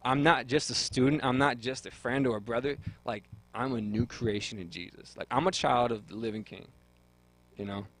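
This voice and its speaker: A young man speaks as a guest on a radio talk show, telling his faith story in earnest, heartfelt terms. He often restarts and repeats words while he searches for what to say. His voice sits at a mid pitch. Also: normal speed, fairly bright tone, rough recording.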